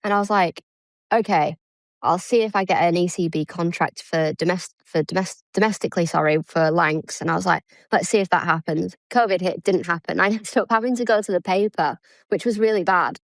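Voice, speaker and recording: A former cricketer from England in her thirties, speaking briskly with a lowish voice and no room sound, chats as a guest in a casual interview. She's self-deprecating and acts out the dialogue she quotes.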